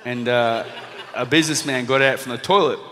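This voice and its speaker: A man in his thirties with an Australian accent, telling a lively anecdote to a live audience and acting out the lines of the people in it. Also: mid-range voice, fairly quick, a little hiss or hum. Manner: lively storytelling, acting out quoted lines, laughing at himself. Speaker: motivational speaker, former boxer. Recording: reverberant hall.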